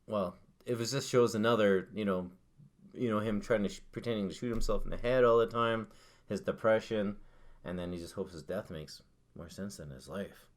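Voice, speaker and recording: A man's voice: on the low side, moderate pace. A man co-hosting a casual chat, laid-back, swearing casually and padding his sentences with fillers. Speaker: co-host.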